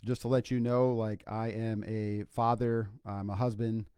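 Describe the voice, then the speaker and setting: Here the Iowa psychologist and grandfather sounds low and flat, speaking a little slowly with a mellow, clean tone. Alone on his podcast's livestream, he talks informally and earnestly, leaning on fillers and circling back to the same points, all in dry studio-quality sound.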